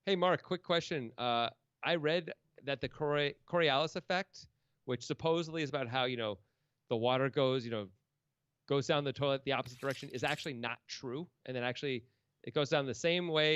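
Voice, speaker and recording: A man's voice: mid-range voice, fairly quick, a bit bright, smooth, no room sound. A man commentating a poker stream in a casual, joking, rambling way, often laughing.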